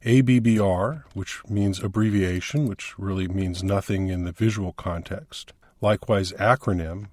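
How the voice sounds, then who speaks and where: A man's voice: low voice, unhurried, hardly any pauses, darkish tone, dry recording, studio quality. A man instructor explaining a coding screencast step by step, in a plain teaching manner.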